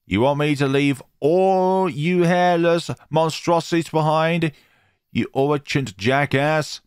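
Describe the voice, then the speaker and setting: A man's voice: on the high side, slow pace, smooth, dry recording, clean studio sound, voice pushed up. A man voicing a huge, prickly male were-rabbit soldier who snaps out insults. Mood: angry. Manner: snapping and insulting.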